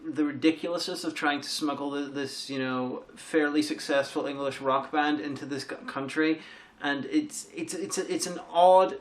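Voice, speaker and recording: Halting man co-host, slightly high voice. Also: steady tone. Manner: rambling, halting with repeated restarts. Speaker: co-host reviewer. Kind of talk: casual chat.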